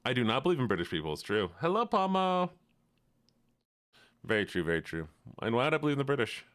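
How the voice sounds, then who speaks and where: A man's voice: mid-range voice, big pitch swings, quick pace, a bit bright, clear, resonant tone, no room sound, studio quality. A man streaming live, chatting casually with his audience in a playful, teasing way full of mock outrage.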